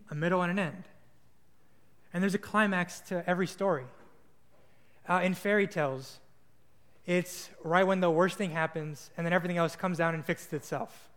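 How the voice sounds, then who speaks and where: A man's voice: high-pitched, a bit bright, in a large hall. A young man preaching a sermon, telling stories in a casual, earnest way with small restarts. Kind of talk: sermon with storytelling.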